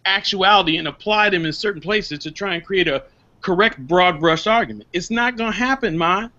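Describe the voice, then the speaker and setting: A man's voice: high-pitched, a little fast, pushed and bright, lo-fi sound. A man mediating a heated casual debate on a video call, firm and lecturing, cutting in with repeated commands to stop. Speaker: panelist mediating a discussion.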